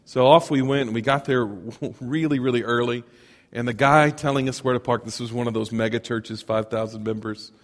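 Animated preacher in a reverberant hall. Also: male voice, medium pitch, moderate pace. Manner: animated, chuckling asides, asks the congregation questions. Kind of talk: storytelling sermon. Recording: long reverb of a large hall.

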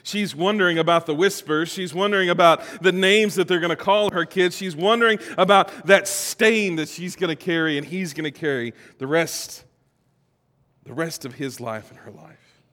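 A male pastor with a high voice preaches a sermon in a reverberant hall. He moves between forceful emphasis and hushed reflection and acts out the quotes he tells. The room rings with a long echo. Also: moderate pace.

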